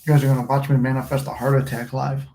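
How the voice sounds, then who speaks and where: A man's voice: medium pitch, level tone, quick pace, dark tone, slight background noise. A man hosting a manifesting channel, chatting loosely and with some swearing on a phone livestream. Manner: rambling, loose and profane. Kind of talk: casual livestream chat. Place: room at home, smoking a cigar. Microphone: phone recording. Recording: echoey room.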